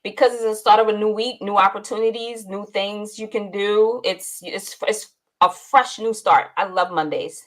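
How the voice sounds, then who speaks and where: A woman from New York, a guest on an online chat, giving quick, short answers. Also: medium pitch, steady tone. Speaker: guest, digital design business owner. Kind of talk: casual chat. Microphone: online video call.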